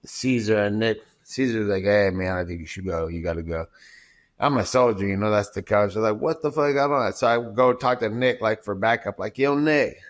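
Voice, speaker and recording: A man, a podcast guest and fighter, telling a long story in casual, profane talk. He acts out quoted dialogue and often restarts his sentences. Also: on the low side.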